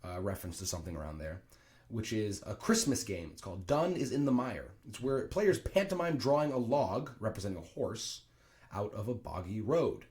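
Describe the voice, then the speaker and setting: Male teacher, low register, very expressive delivery, casual explainer with frequent asides. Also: moderate pace. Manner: animated, thinking aloud with fillers and asides.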